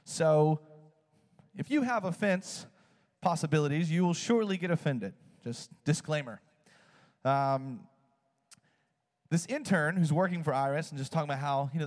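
A man preaching a sermon, telling a story with animated swings in his voice. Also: in a large hall. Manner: animated storytelling, swings high when excited.

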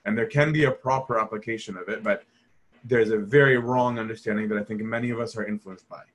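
A man's voice: on the low side, steady tone, quick pace, fairly bright tone. A man giving a conversational Bible study lecture, asking his listeners rhetorical questions and acting out the voices he quotes. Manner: asks the audience rhetorical questions.

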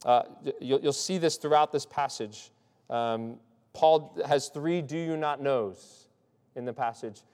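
With a mid-range, darkish voice and a slightly slow delivery, a male pastor gives a conversational sermon. He keeps it loose, often starting sentences over and asking "right?" to reach his listeners. A long hall reverb is audible.

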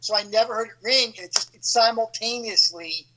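A man in his fifties telling a story in casual chat as a podcast host, animated and acting out quoted voices. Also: high-pitched, brisk, rough recording. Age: 50s.

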